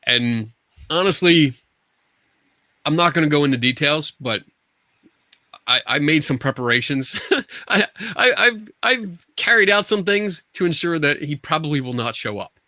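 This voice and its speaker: A man's voice: on the high side, measured pace, no room sound. A man co-hosting a podcast in casual chat, talking in a hesitant way with frequent ums and uhs. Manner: animated, filler-heavy, hesitant. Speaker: podcast co-host.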